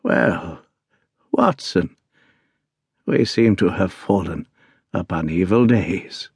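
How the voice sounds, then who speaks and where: A narrator putting on a croaking, dying detective. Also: male voice, medium pitch, expressive, normal speed, no room sound, studio quality. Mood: imperious. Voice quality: croaking, feeble. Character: dying male detective, feeble, imperious, croaking.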